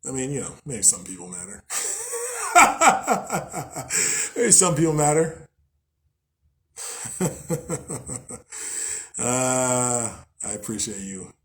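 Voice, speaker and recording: A young man talking casually about spiritual ideas, rambling with many fillers and frequent swearing. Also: medium pitch. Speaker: host.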